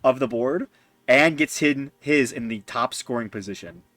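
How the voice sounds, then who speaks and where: A man narrating as game master, pausing often with fillers. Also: medium pitch, a bit bright. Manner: hesitant, many fillers.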